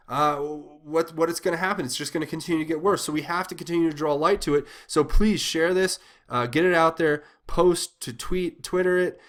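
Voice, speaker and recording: A man's voice: fairly high pitch, fairly bright tone. Agitated, indignant man ranting. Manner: agitated, indignant, repeats himself with many restarts. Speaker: political commentary channel host. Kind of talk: impassioned political commentary monologue.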